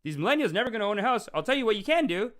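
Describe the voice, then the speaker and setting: A young man hosting a casual call-in show, rambling and animated, often restarting his sentences and acting out quotes. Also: high-pitched, very fast. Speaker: show host and self-styled spiritual teacher. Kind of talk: casual livestream call-in talk.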